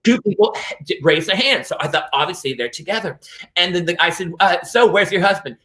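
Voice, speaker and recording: A man's voice: sits high, animated, fairly quick, bright, forceful tone. A man, a comedy performer on a video call, telling stage anecdotes and theatrically acting out the people in them. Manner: theatrical, acts out the people in his stories.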